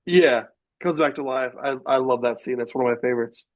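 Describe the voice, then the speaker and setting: A man's voice: mid-range voice, a little fast, poor audio. A man co-hosting a podcast in casual chat, enthusiastic and often checking in with his co-host. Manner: enthusiastic, often asks "you know what I'm talking about?".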